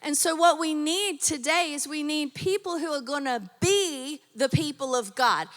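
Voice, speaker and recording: In a church auditorium, a female pastor delivers a sermon in a chatty style full of fillers and questions to the congregation. Her high, somewhat bright voice sounds a little strained, and the room sound is large.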